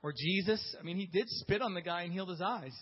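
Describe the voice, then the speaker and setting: A man's voice: sits high, fast talker, slightly rough. A man teaching a class in a conversational way, with restarts and asides to his listeners. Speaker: Bible teacher. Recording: dull audio in a reverberant hall.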